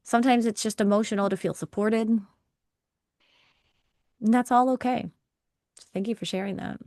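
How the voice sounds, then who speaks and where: A woman's voice: a little high, steady tone, moderate pace, darkish tone, dry recording, studio quality. A young adult woman leading a live intention-setting workshop, talking conversationally, answering participants' chat messages and laughing often. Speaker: workshop facilitator.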